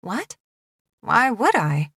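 A woman's voice: on the high side, very animated, very slow, creaky, a bit bright, husky, no echo, pitched above the performer's own voice, exaggerated voice. Brief: a dry-witted woman artist on the phone, read by the narrator, audiobook, close dry sound. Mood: sharp.

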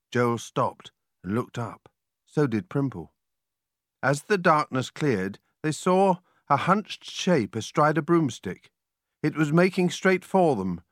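A man's voice: mid-range voice, no room sound. A man narrating a children's story, his voice rising and falling with lots of expression. The recording is close and dry, with no room sound. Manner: animated, expressive reading. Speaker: audiobook reader.

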